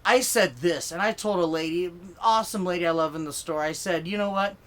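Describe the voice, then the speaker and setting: A man's voice: high-pitched, fairly quick, a bit bright. A man doing a profane comedy rant to camera, fired up and rambling with lots of fillers and swearing. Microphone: filming himself on camera.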